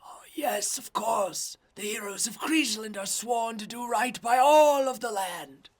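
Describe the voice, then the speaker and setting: An old wizard, raspy and strained, his voice pitched high and thin, as a man puts him on. He sounds eager and welcoming in this tabletop game, every word squeezed out. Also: measured pace, exaggerated voice. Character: wheezy old male wizard, eager and kindly.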